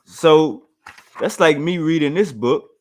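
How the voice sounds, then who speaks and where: A man's voice: fairly high pitch, slow. A man hosting a show, reacting to a clip in casual, blunt, mocking commentary with plenty of profanity.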